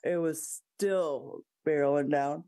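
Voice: mid-range voice, steady tone, slow pace, dark tone, no room sound, studio quality. An adult co-host talking frankly in casual chat, telling stories with quoted asides.

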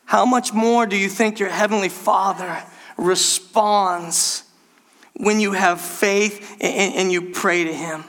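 A man's voice: high voice, fairly even intonation, slow pace, a bit bright. A man preaching a sermon, speaking emphatically and calling out to the congregation. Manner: emphatic, repeatedly addresses the congregation. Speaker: pastor.

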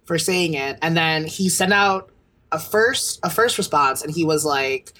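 A man's voice: fairly high pitch, unhurried, pushed and bright. A man co-hosting a podcast in casual chat, talking bluntly and heatedly and swearing freely. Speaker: podcast co-host.

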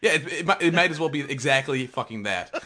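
A man's voice: a little high, expressive, quick pace, sharp tone. A man co-hosting a podcast, talking casually and at length about video games, swearing freely, restarting sentences and laughing often. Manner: rambling, profane, laughs often, many restarts. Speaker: podcast co-host. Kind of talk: casual gaming chat.

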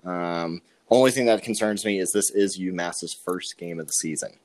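A man's voice: low-pitched, moderate pace, a little mellow. A young man giving sports betting picks on a podcast, joking and rambling with many ums and uhs. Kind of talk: casual sports betting chat.

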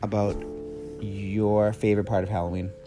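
A young man, a parent, reading a picture book aloud to his child in an animated, sing-song way and asking her questions. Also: lowish voice, moderate pace. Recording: music playing underneath. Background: music.

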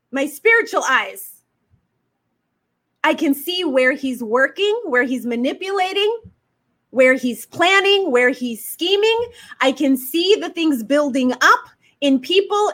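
Fiery high-voiced woman preaching slowly. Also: fairly bright tone. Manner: emphatic, fiery exhortation with rhetorical questions. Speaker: faith-based business coach. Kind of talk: preaching-style motivational talk.

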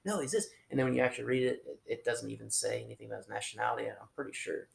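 A man giving an informal, conversational sermon, talking in a halting way with restarts and fillers. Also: lowish voice, flat delivery, vocal fry, roomy sound. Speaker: preacher.

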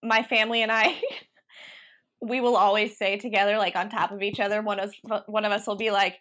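A young woman co-hosting a podcast, chatting casually and laughing often between quick asides. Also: medium pitch. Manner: giggly, animated, talks in quick asides. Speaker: podcast co-host. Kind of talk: casual chat.

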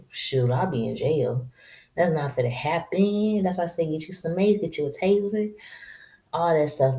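A woman with a low, warm, mellow voice talks straight to her listeners in a casual solo podcast monologue. She is blunt and slangy, drawls her words and laughs to herself as she lays out her advice. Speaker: podcast host.

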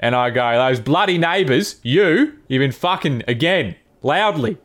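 A man's voice: mid-range voice, expressive, unhurried, fairly bright tone. A man playing a grumpy male neighbour with a grievance, telling his complaint bluntly in improvised comedy role-play. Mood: aggrieved. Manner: blunt, aggrieved storytelling.

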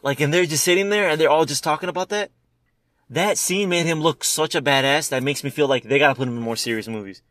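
A young man chatting casually with friends, telling animated stories full of swearing and fillers. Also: on the high side, no room sound, clean studio sound. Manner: fast, animated storytelling, heavy swearing and filler. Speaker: friend chatting about movies. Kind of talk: casual chat.

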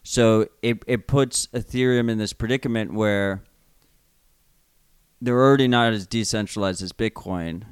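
A man's voice: fairly low pitch, measured pace, clean tone, no echo. A man with a New York accent, co-hosting a podcast in loose, casual chat, often restarting his sentences and swearing freely. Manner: loose, profane, restarts a lot. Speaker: podcast co-host.

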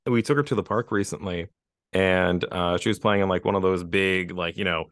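A man's voice: low-pitched, steady tone, fairly quick, a bit bright, dry recording, studio quality. A young adult man, a guest on a podcast, chatting casually about his toddler with lots of "like". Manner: rambling, heavy use of "like". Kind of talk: casual chat.

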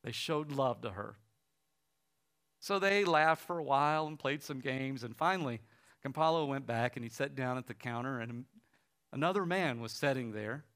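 A man's voice: mid-range voice, normal speed, clean tone. Man preaching a story-driven sermon. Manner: retells a story with lively quoted voices, quiet and soft at the close. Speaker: pastor.

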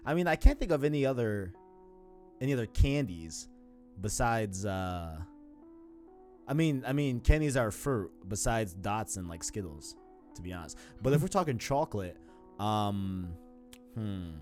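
A man's voice: lowish voice, animated, normal speed, darkish tone, soft background music. A man in his twenties with a New York accent, hosting a podcast in a rambling, slangy, casual way. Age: 20s. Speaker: podcast host. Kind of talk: casual chat.

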